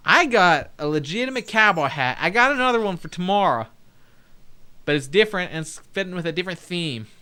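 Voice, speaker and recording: Young guy doing lets play commentary, laughs a lot, kinda high clear voice. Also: lively intonation, moderate pace, pauses often, sharp tone. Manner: playful, jokey, laughs often. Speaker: game streamer. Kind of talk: let's play commentary, reading dialogue aloud.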